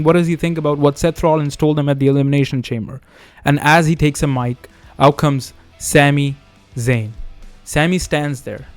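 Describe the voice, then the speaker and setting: A man hosting a wrestling video, narrating a made-up storyline in a steady storytelling way. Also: on the high side, no echo. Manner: steady storytelling, reads quotes in his own voice. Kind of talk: fantasy booking narration.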